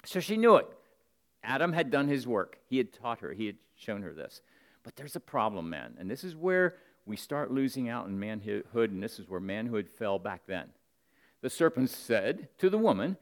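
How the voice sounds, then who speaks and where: Preaching to the men in his church, this man speaks earnestly and plainly with a sing-song quality at a moderate pace. His delivery swings from forceful, loud outbursts to low, close remarks.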